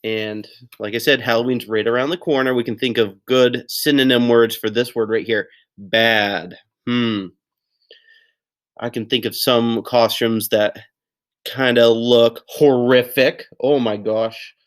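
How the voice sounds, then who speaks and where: A man's voice: mid-range voice, steady tone, a little slow, a bit bright. A male teacher giving a recorded writing lesson to second graders, upbeat and encouraging with playful exclamations. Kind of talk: recorded lesson for young children.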